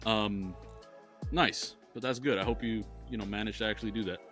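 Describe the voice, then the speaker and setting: A podcast co-host with a lowish, fairly bright voice talks briskly over soft background music. He tells rambling stories in casual chat, swearing freely as he goes.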